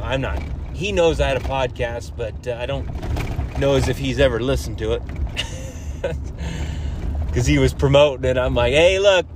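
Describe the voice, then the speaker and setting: Regular guy cussing a lot, rambling on with lots of ums, mid pitch, bit of faint noise behind him. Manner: heavy swearing, loose and rambling with many fillers. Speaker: hunting vlogger and podcaster. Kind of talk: casual rambling talk to camera.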